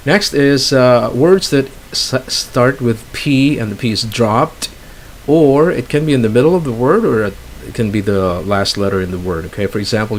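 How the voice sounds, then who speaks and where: A man working as a trainer, giving a casual online English pronunciation lesson and explaining with relaxed fillers and asides. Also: medium pitch, moderate pace. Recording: faint hiss.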